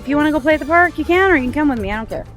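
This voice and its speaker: A woman in her fifties chats through her daily vlog with animated, rambling storytelling. Her voice sits a little high for a woman, and faint music plays underneath. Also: very fast. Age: 50s. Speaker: vlogger. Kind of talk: casual chatty vlog.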